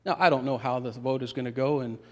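A man preaching a sermon as a pastor, building with swells of emphasis and dramatic pauses. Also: medium pitch, steady tone. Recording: long reverb of a large hall.

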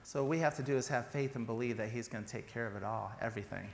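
A man's voice: mid-range voice, quick pace, gravelly. Chatty joking man preaching in hall. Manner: chatty, joking, with fillers and restarts. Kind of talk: informal sermon. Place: church sanctuary. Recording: reverberant church hall, faint background noise.

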